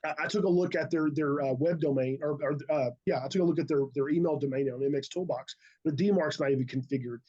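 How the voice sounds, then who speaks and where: A man on a call, talking eagerly and haltingly, often repeating words as he tells his story. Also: a little high, mellow, slightly rough, dull audio. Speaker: call participant, IT business owner. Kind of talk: casual conversation.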